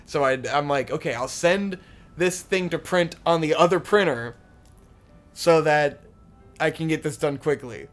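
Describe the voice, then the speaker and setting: A young man co-hosting a podcast rambles through a long story, swearing casually and leaning heavily on "like" as a filler. His voice is fairly high and unhurried, with soft music in the background.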